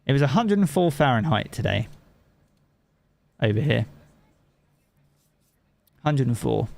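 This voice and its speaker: A man's voice: medium pitch, very animated, unhurried, creaky, darkish tone, no echo. A man from England with a Southern English accent, a game streamer chatting casually with his live chat and swearing freely.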